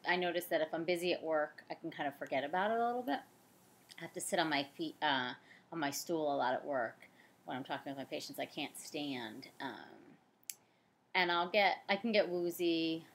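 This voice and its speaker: A woman in her forties talking candidly and casually in a personal vlog update, tired and chatty. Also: deep voice. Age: 40s. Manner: candid and chatty, with frequent fillers and self-corrections. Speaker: fertility practitioner. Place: home, on the couch.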